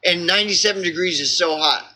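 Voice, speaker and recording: A man's voice: high voice, fast, sharp tone, rough recording. Exasperated Oklahoma man ranting. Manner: exasperated, profane, full of fillers and restarts. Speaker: vlogger. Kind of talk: rambling personal rant.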